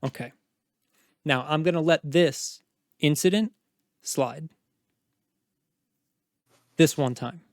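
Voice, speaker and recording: A man's voice: on the high side, slow pace, long pauses, dry recording, clean studio sound. A man voicing a stern, intimidating knight commander who talks down to a subordinate in a cold, threatening way. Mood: stern, menacing.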